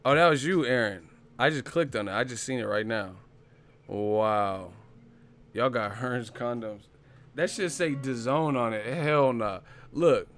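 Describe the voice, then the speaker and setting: A mid-range male voice with a fairly bright tone and measured pace belongs to a boxing channel host. During his live stream chat about boxing he talks loosely and profanely, giggling and breaking into laughter again and again.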